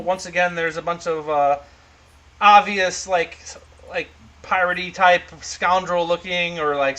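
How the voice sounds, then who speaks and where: A male game master describes scenes in a loose, rambling way, with plenty of fillers and restarts. His voice is bright and sits a little high for a man. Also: poor audio. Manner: rambling, filler-heavy narration. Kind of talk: narrating a tabletop game.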